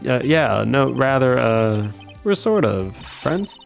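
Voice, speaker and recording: Guy doing jittery young lawyer, stammers, gravelly voice, game read-along. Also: mid-range voice, big pitch swings, takes it slowly, soft background music, exaggerated voice. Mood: flustered. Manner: flustered, stammering. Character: nervous young male defense lawyer.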